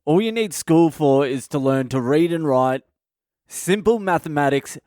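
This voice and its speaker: Man, comedic rant, swearing, smooth resonant voice, dry close sound. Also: fairly high pitch, lively intonation, measured pace, a little mellow, dry recording. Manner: profane, ranting, sarcastic. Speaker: comedian podcast host.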